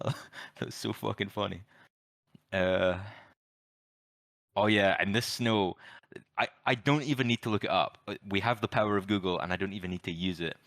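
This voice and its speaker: Guy on a podcast, low-ish voice, dry close mic, swears and laughs a lot. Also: moderate pace, vocal fry, pauses often, dry recording. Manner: sweary, laughing, animated retelling of scenes. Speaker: podcast co-host. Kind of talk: casual film review chat.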